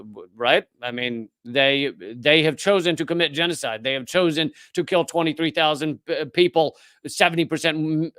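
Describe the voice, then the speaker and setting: A man's voice: fairly high pitch, a bit bright, clear, resonant tone, no echo, studio quality. A man hosting a live political commentary show, speaking indignantly with sarcastic asides.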